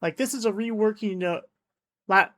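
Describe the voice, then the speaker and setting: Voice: mid-range voice, moderate pace, a bit bright, no echo. A host giving casual, chatty commentary on a song countdown, with frequent restarts and fillers.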